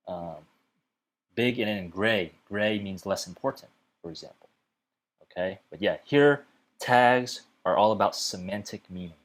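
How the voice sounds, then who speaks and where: A man teaching a web development lesson in a casual, chatty way, often filling pauses with "okay" and "uh". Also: on the low side. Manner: chatty, fills gaps with okay and uh.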